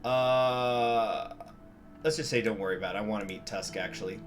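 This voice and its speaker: A man's voice: lowish voice, normal speed, soft background music. A man giving casual let's-play commentary, thinking aloud with wry, joking asides. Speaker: gameplay commentator.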